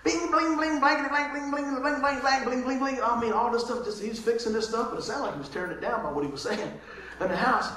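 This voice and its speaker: A male pastor delivers a loose, conversational sermon, laughing through his stories and stumbling over repeated words. His voice sits high and bright. The sound bounces heavily around a reverberant church. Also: fast talker, slight background noise. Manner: animated storytelling, laughing often, repeats words. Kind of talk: casual sermon. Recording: very echoey church room.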